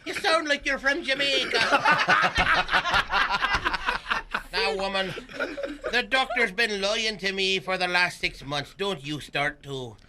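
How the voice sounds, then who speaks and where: A man's voice: sits high, expressive, slow, pauses often, heavily acted. A man acting a dying old Irishman in a comedy radio skit, with a put-on Irish accent and theatrical groans. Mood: melodramatic. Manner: theatrical groaning, breaks into laughter. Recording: noisy old radio broadcast recording.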